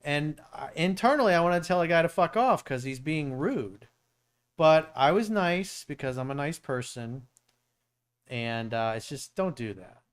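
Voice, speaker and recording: A man's voice: a little high, a little slow, clean tone. A middle-aged man from South Florida hosting a casual live-stream Q&A, answering questions bluntly with plenty of swearing and stories. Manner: blunt, profane, storytelling. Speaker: dating coach and show host.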